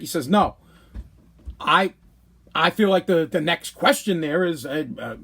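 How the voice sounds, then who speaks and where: A man hosting a podcast, telling a story in a rambling, animated way and stumbling over repeated words. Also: fairly high pitch, normal speed, pauses often, breathy edge. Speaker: podcast host. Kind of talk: casual storytelling monologue.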